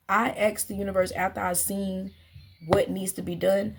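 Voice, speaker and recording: A woman's voice: mid-range voice, flat delivery, normal speed, creaky, a little hiss or hum. A woman working as an astrological guide, talking in a casual, earnest spiritual reflection and repeating her phrases as she muses.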